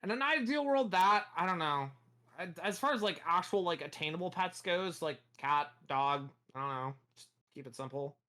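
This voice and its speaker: Bright, sweary American streamer; rambling, casual livestream talk. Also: medium pitch, animated, moderate pace. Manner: rambling, swears a lot, restarts sentences.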